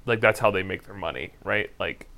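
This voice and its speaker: A man co-hosting a casual chat, enthusiastic and quick to laugh. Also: sits low, gravelly, bright, forceful tone.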